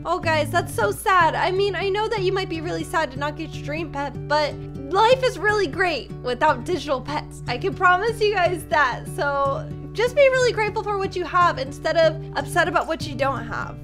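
A woman's voice: extremely high pitch, big pitch swings, moderate pace, few pauses, over music. A woman hosting a gaming reaction video, gushing and gasping as she comments. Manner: gushing, gasps a lot.

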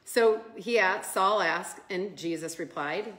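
A woman leads a casual devotional talk in an ordinary mid-range voice. She tells her stories with laughter and lively acted quotes. A roomy echo hangs around her voice. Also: medium pitch, takes it slowly. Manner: animated, laughing storyteller who acts out quotes. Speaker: Bible study speaker. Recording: echoey room.

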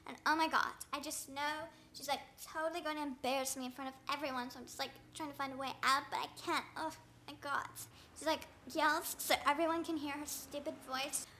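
A young woman rants through gossip in full valley-girl speech, with "like" and "oh my god" in every breath. Her voice sits high, and its tone is bright and sharp. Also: fairly even intonation, brisk, few pauses, slight background noise. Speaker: vlogger. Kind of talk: gossipy comic rant monologue.

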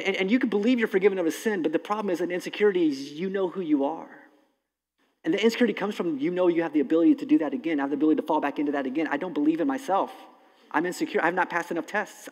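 A man preaching a sermon as pastor, impassioned, swinging between loud emphasis and hushed, slow lines. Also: a little high. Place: church sanctuary. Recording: long hall reverb.

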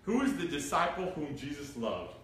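Animated preacher in an echoey room. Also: male voice, on the high side, moderate pace. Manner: animated, asks the group questions, reads scripture aloud. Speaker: pastor. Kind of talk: interactive Bible study sermon. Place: church room. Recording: echoey room from far off, faint noise.

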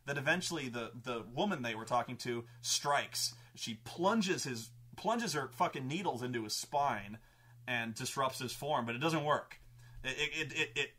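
A man, host and game master, telling a tabletop campaign story in an excitable, profane way with many restarts. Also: medium pitch, moderate pace, husky.

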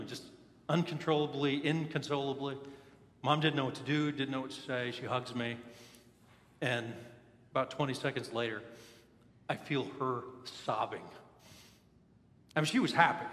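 In a church sanctuary, a pastor with a mid-range, slightly bright voice preaches a sermon. He shares personal stories earnestly and candidly, and the hall gives the recording an echo.

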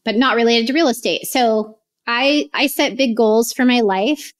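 Animated woman in her late thirties. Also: fairly high pitch, moderate pace. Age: 30s. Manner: animated storytelling, acts out her own past words. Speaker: podcast guest, real estate investor. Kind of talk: casual interview chat.

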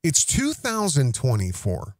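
Emphatic man with a lively voice. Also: medium pitch, unhurried, no room sound, studio quality. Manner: emphatic, repeats himself and restarts phrases. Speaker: podcast host. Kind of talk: accusatory commentary.

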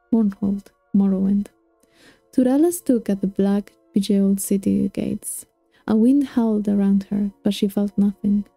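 Female audiobook reader, measured storytelling; dry, close sound with faint music behind. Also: mid-range voice, creaky, dark tone, no room sound. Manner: measured storytelling with occasional restarts. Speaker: book reader. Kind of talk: audiobook narration.

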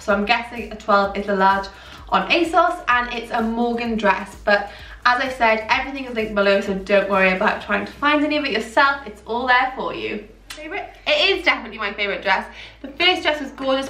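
A young woman chatting casually and excitedly through a clothing haul vlog, with plenty of fillers. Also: a little high, distant mic. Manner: chatty, gushing, filler-heavy. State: out of breath. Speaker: fashion vlogger. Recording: echoey room, voice a little off-mic.

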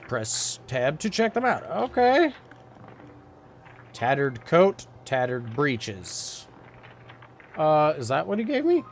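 A man's voice: a little high, huge pitch swings, slow pace, gravelly, long pauses, a little hiss or hum. A man hosting a let's play, chatting playfully and reading the game text aloud. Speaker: gaming video host.

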